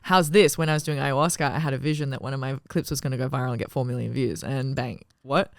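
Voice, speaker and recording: A woman's voice: rumbling low, fairly even intonation, fast, gravelly, dry recording, clean studio sound. An Australian woman, a comedian, chatting on a podcast in a frank, emphatic way with plenty of swearing. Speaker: comedian guest. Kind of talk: casual podcast chat.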